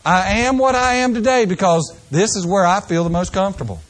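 A man's voice: sits high, brisk. An older man preaching a folksy sermon, acting out people's excuses in mock voices.

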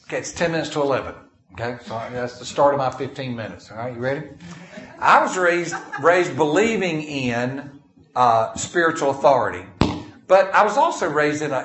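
Folksy preacher in an echoey room. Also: male voice, mid-range voice, a bit bright. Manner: folksy storytelling, reads scripture in King James wording. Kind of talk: sermon.

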